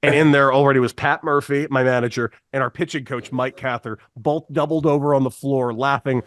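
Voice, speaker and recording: A man's voice: medium pitch, fairly even intonation, brisk, a bit bright. A man in his thirties, a former ballplayer, telling a long story casually on a podcast and slipping into voices for quotes. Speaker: podcast guest, former baseball player.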